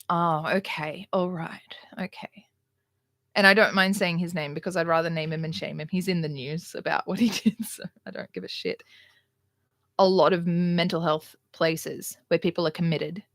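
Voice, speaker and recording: A woman's voice: fairly low pitch, a bit bright, no room sound, clean studio sound. A young adult woman, hosting a casual livestream and talking bluntly and candidly, with sarcasm and swearing. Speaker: livestream host.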